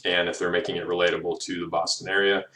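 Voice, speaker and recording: A man's voice: sits low, flat delivery, fast, sharp tone, recorded from a distance. A young man recording a class presentation, hesitant, with many ums and uhs. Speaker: student presenter. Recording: echoey room, voice from afar.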